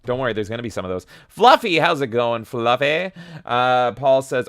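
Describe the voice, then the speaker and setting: A man's voice: mid-range voice, normal speed, a bit bright, clean tone, no echo, studio quality. A man hosting a livestream, energetically reading viewer comments aloud and reacting with casual profanity. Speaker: livestream host.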